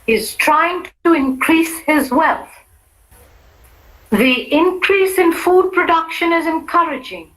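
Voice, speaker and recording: A woman's voice: very high-pitched, slow, a bit bright, rough recording. A woman reading example sentences for a language-lab exercise, carefully enunciated.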